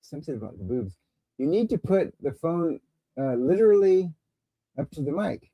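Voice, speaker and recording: On a dry recording with the highs cut off, a man with a fairly high voice and big pitch swings talks at a normal speed. He hosts a live call-in show, where his casual livestream chat rambles along with crude jokes while he battles technical issues.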